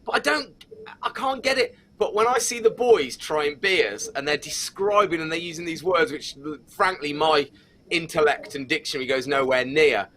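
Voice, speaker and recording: A man's voice: on the high side, normal speed, bright, forceful tone. A man co-hosting a live stream, bantering playfully with his co-host and introducing acts. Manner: playful, teasing, dramatic asides. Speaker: quiz co-host.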